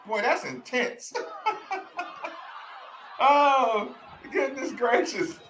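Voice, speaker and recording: A man hosts a casual chat, laughing often and repeating his lines to the audience. His voice is high and bright, and he talks at an unhurried pace. The sound is roomy and echoey. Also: a little hiss or hum. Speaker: host reacting to old game footage.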